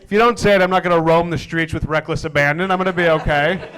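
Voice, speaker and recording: A young man performing a stand-up comedy set, deadpan with wry asides that build into exasperated rants. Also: on the high side, fast talker. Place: comedy stage before a live audience.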